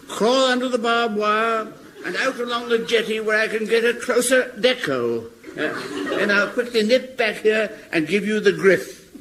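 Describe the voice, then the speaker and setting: An actor playing a gentle, very old private in a radio comedy, speaking unhurriedly. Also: male voice, sits high. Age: older. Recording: hissy archive radio recording.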